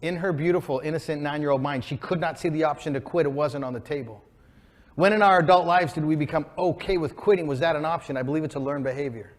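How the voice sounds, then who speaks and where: A man in his forties telling an emotional, inspiring story on stage as a keynote speaker, building to excited peaks. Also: a little high, quick pace. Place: stage before a live audience.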